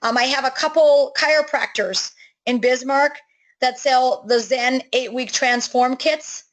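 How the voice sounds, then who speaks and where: A middle-aged woman with a high voice walks a prospect through a network marketing plan. She talks enthusiastically and casually, with frequent fillers and self-corrections. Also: measured pace, low-quality recording. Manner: enthusiastic, chatty, many fillers and restarts. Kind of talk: sales pitch on a call.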